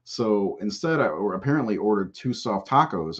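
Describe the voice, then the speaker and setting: A man's voice: fairly low pitch, expressive, normal speed. A man hosting a podcast in casual live-stream chat, rambling and profane and laughing often. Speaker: podcast host. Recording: dull lo-fi audio.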